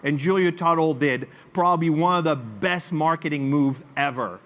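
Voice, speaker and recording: French-accented male speaker, slightly high voice, lively and emphatic presenter. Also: normal speed. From France. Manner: animated storyteller, swinging between loud emphasis and quiet asides. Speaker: marketing speaker. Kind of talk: live presentation to an audience.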